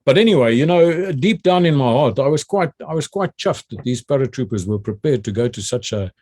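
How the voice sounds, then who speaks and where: An older man from South Africa with a South African accent, a retired general telling memories in an animated way. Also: mid-range voice, a little fast. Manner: animated storyteller who acts out the orders he shouted. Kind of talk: recounting memories in a conversation.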